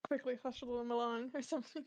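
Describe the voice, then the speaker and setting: A woman's voice: on the high side, steady tone, fast, dull audio. A woman in a tabletop game chatting with lots of fillers as she plans ahead. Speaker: player. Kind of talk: tabletop role-play chat.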